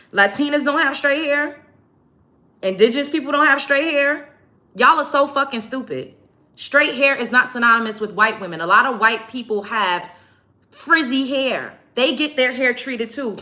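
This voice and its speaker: A vlogger with a fairly high, sharp-toned voice rants to camera in a get-ready-with-me video. Speaking with an African American English accent, she is blunt and sarcastic and swears often.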